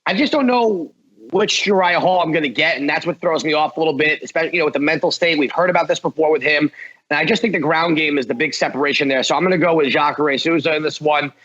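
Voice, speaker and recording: Husky higher-voiced man on muffled audio. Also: fast, fairly bright tone. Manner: hedging, thinks aloud. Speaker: guest picker. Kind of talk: casual betting picks.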